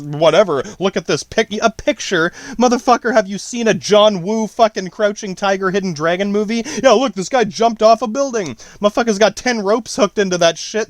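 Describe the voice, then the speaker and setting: A man's voice: high voice, no room sound. A man rambling through a profane solo podcast monologue, breaking off and restarting his sentences. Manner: profane, rambling, self-interrupting. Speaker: podcast host.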